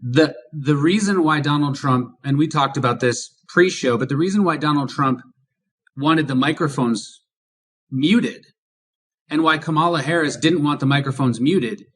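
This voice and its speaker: A man's voice: fairly high pitch, normal speed, fairly bright tone, husky. A man co-hosting a political podcast, talking emphatically and asking rhetorical questions. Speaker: podcast co-host. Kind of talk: political commentary.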